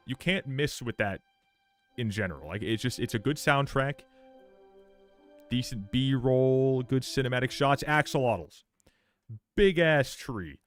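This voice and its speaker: A man's voice: medium pitch, moderate pace, soft background music. A man streaming live, reacting to a game trailer in sarcastic, profane commentary, often repeating words and restarting his sentences.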